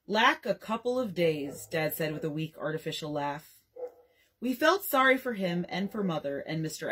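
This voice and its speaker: Lively, breathy woman reading a bedtime story. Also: lowish voice. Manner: expressive, reads dialogue in varied voices. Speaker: librarian.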